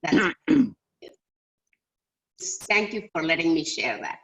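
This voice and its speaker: Older woman, really low voice, earnest and reflective, sharing a story on a muffled video call. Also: wildly swooping pitch, slow, gravelly, a bit bright. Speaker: class participant. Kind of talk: personal anecdote in a group discussion.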